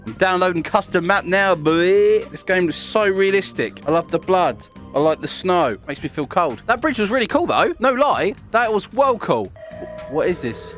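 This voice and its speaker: A young British man giving loud, excitable commentary while playing a game, often shouting and laughing. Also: sits high. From Britain. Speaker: gaming YouTuber. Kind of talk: casual gameplay commentary.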